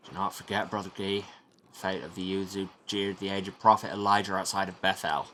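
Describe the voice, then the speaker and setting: A man's voice: deep voice, level tone, a little fast, sharp tone, a little hiss or hum. A man voicing a pompous elderly monk who scolds and quotes scripture. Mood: stern.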